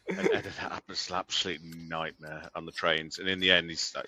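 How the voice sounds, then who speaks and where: A man co-hosting a hobby podcast in easy chat. His voice sits very low but has a bright, forward edge. He rambles through thanks with plenty of ums and false starts. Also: little pitch movement, moderate pace, hardly any pauses, no room sound. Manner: thanks sponsors with many fillers and restarts. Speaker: podcast co-host. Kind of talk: casual chat.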